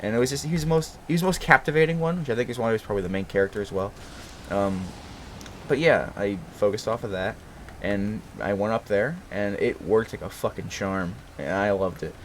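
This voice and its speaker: Speaking on the low side and fairly quickly, this twentysomething host from Brooklyn, New York keeps things casual and rambling. Frequent swearing, laughter and self-corrections fill his chat, and there's slight background noise.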